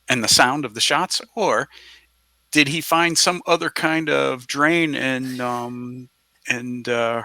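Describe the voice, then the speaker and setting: A man with a bright, forward voice asks the game master rambling questions during a tabletop game. He sits at a middle pitch, and the recording is dry and close. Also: dry recording. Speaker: player. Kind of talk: casual tabletop play chat.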